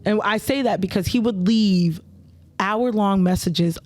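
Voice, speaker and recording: Animated, profane woman telling stories. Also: medium pitch, measured pace. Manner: acts out quoted voices loudly. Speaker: podcast co-host. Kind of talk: casual chat, storytelling.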